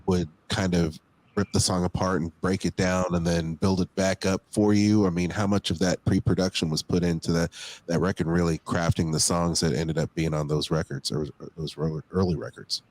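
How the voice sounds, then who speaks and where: A male host leads a relaxed interview with a band, his questions wandering and friendly. His voice sits very low. He sounds at ease throughout. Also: normal speed. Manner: easygoing, rambling questions. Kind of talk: casual interview.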